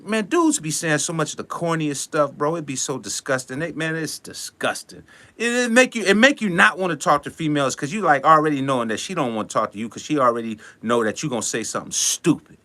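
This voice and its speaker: Animated man giving a preachy rant. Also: on the high side, brisk. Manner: animated, preachy, acts out little scenes. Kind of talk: motivational rant.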